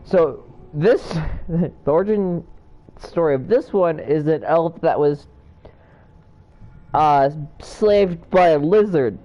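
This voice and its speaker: An excited man rambles casually while playing a game, drawing out his words with a lively, swinging pitch. His voice is mellow and the sound is dull and lo-fi. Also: takes it slowly, faint music behind. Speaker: gamer. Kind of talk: game commentary.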